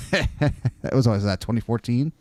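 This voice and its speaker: A man's voice: mid-range voice, measured pace, a little mellow, dry recording, clean studio sound. A man co-hosting, bantering casually and teasing the host. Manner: teasing, joking.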